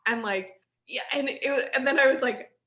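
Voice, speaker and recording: Woman, 30s, slightly high bright voice, rambling storyteller, echoey room. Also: normal speed. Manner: rambling, animated, laughs often. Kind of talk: casual storytelling chat.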